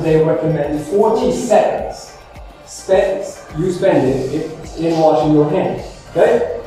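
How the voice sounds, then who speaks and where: A man's voice: high voice, warm tone. A male teacher giving a classroom lesson, patiently quizzing students and repeating their answers. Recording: echoey classroom from far off, faint music.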